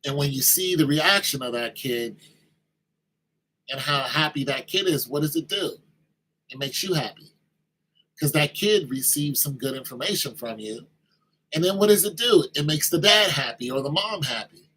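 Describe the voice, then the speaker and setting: A man's voice: fairly high pitch, lively intonation, moderate pace, sharp tone, a little hiss or hum, rough recording. A man giving an informal sermon-style talk, conversational, acting out little exchanges with kids in raised voices.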